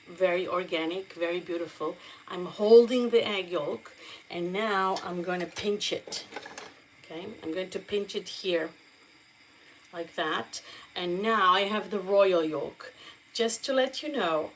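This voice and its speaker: A woman's voice: on the low side, slight background noise, rough recording. A woman with a Portuguese accent, chatting casually to viewers as she demonstrates a recipe in her kitchen. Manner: chatty, warm asides to viewers, frequent "okay?" check-ins. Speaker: cooking vlogger. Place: home kitchen.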